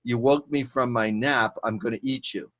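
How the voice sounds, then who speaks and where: A man's voice: medium pitch, fairly even intonation, moderate pace, close to an everyday voice. A man voicing a grumpy, sleepy, hungry giant in a spoken fable. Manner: threatening, then pleading and whiny.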